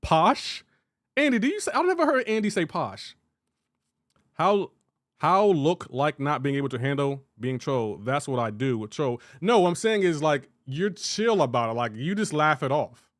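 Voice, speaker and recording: A man's voice: on the high side, very animated, normal speed, dry recording, clean studio sound. A man from Delaware streaming a game, chatting casually, rambling and restarting his sentences as he answers chat. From Delaware, USA.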